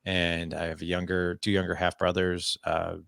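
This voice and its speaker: Man, very low voice, gravelly, earnest storyteller, podcast guest, dry close sound. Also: moderate pace, no room sound. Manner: earnest, animated storytelling with frequent "I was like" quotes. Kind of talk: candid storytelling interview.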